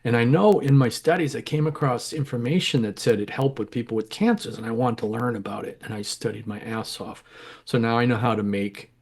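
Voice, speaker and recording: A middle-aged home grower, guesting in a casual storytelling interview, speaks briskly in a mid-range, slightly mellow voice with a breathy edge. His stories ramble candidly, and he often corrects himself mid-sentence.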